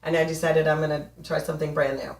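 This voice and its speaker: Brief: emphatic, playful woman in her forties coaching on love, slightly low voice, roomy. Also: little pitch movement, quick pace, a little mellow, distant mic. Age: 40s. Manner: emphatic, playful, laughs often. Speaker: relationship coach. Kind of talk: motivational talk to camera. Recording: echoey room, voice off mic.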